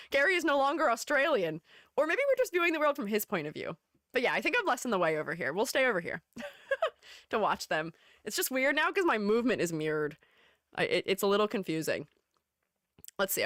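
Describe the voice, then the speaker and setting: A woman's voice: a little high, a bit bright, no echo, clean studio sound. A woman VTuber streaming, chatting casually and playfully, often giggling and talking to herself. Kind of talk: casual livestream chat.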